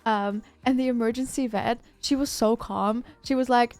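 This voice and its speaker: A woman's voice: fairly high pitch, fairly even intonation, a little fast, few pauses, a little mellow, soft background music. A woman livestreamer chatting casually, telling a rambling story with lots of fillers and restarts.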